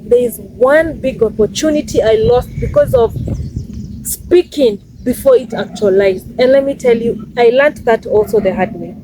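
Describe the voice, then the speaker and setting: A woman's voice: fairly high pitch, noisy background. A Kenyan woman in her twenties giving emphatic, casual life advice in a vlog, repeating her points for stress. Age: 20s. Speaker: vlogger.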